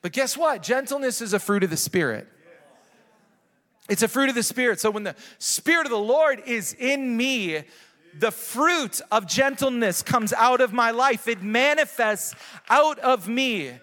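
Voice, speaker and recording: Middle-aged male pastor, very high voice, earnest repetitive sermon delivery, long hall reverb. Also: expressive, measured pace, bright, forceful tone. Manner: earnest, repetitive, urging the congregation. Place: large church hall.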